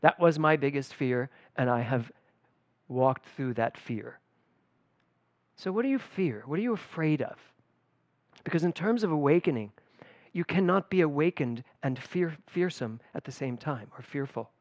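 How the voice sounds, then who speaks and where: A middle-aged man, a spiritual director, giving a conversational sermon at a church service, telling personal stories with lively emphasis. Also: on the high side, moderate pace, dry recording, lo-fi sound. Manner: animated and personal, storytelling with emphatic swings.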